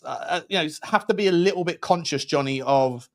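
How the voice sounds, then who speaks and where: A man's voice: on the high side, a little fast. Chatty rambling man. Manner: rambling, restarts phrases, chatty. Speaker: host. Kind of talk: casual football watchalong chat.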